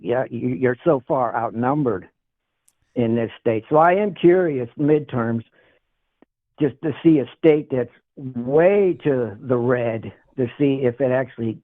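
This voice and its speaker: A man's voice: mid-range voice, dry recording. A man from Northeast Ohio calling in to a political talk show, rambling and laughing as he tells his story. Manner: rambling, laughing, repeats himself. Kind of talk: casual call-in debate. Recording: tinny phone line.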